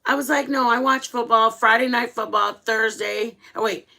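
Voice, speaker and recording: Woman, middle-aged, livestream host, casual chat, animated, bright tone. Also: fairly high pitch, moderate pace, vocal fry. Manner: animated, chatty, dramatic storytelling.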